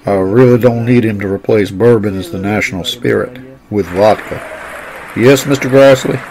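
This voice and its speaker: A man doing an impression of an older male senate leader with a flat drawl. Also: lowish voice, normal speed, lightly acted, low-quality recording. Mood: dry.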